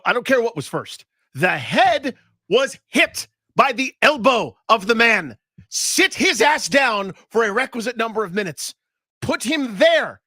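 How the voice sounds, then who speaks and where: A man's voice: very high voice, bright, forceful tone, no room sound, clean studio sound. A man co-hosting sports talk radio, ranting in a heated, mock-dramatic way.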